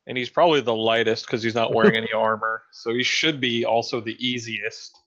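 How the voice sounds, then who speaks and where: A man playing in a tabletop game, talking plans through deliberately. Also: medium pitch, little pitch movement, a bit bright, highs cut off. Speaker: player. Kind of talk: casual tabletop game chat.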